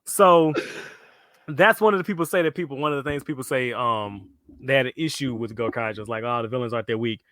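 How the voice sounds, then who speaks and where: A man co-hosting a casual fan podcast, animated, swearing freely and acting out villains' lines. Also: medium pitch, quick pace, no echo, studio quality. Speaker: podcast co-host.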